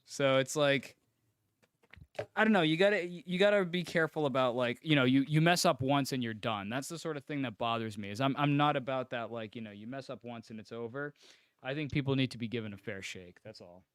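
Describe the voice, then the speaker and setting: Man, podcast co-host, casual and rambling, clear voice. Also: mid-range voice, a little fast, fairly bright tone, no echo, studio quality. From not from the UK. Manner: rambling, lots of fillers and restarts. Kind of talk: casual chat. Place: home apartment.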